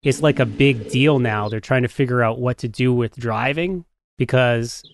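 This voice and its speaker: A man's voice: medium pitch, normal speed, dry recording. A man hosting a casual interview over a remote call, talking loosely with lots of fillers and jokes. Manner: loose, filler-heavy, jokey. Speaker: podcast host.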